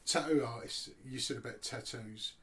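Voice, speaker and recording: A man's voice: medium pitch, moderate pace, fairly bright tone. A man hosting an interview podcast, asking plainspoken questions. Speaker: podcast host. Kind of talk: casual interview. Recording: distant from the mic.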